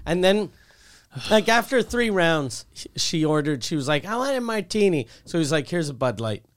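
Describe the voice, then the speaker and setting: Guy on a comedy podcast, kinda high clear voice, swears a lot, acts out his stories. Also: big pitch swings, normal speed. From Quebec, Canada. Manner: crude storytelling, acts out the people in his stories. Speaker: podcast co-host. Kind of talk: casual comedic chat.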